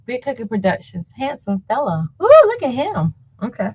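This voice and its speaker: A woman on a call-in show, telling stories in an animated way and acting out what people said. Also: a little high, normal speed, husky. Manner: animated storyteller, acts out quotes. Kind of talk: casual call-in show talk. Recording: muffled remote line with faint noise.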